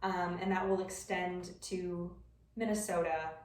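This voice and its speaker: This student, a young adult woman, presents to her class at a medium pitch and a slightly slow pace, explaining step by step with scattered ums. The recording is roomy and echoing, her voice distant from the mic, with slight background noise.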